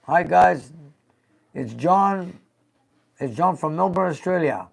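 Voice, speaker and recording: An older man chats casually as host of a live stream, reading viewer messages aloud with lively reactions. His voice sits a touch high and carries a gravelly edge. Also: slow pace. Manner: reads viewer comments aloud, animated and laughing. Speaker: show host.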